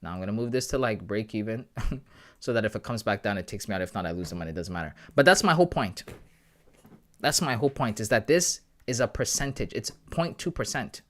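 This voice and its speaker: A man's voice: lowish voice, expressive, brisk, a bit bright. A man from Canada hosting a live trading stream, talking casually and with hype, often calling his viewers guys. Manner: chatty, hyped, calls viewers bro and guys. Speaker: trading livestream host.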